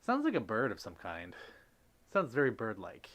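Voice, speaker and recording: A man's voice: fairly low pitch, wildly swooping pitch, moderate pace, a bit bright. A man hosting a live stream, speaking in a heartfelt, rambling way with many fillers, greeting viewers and reading chat messages aloud. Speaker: livestream host.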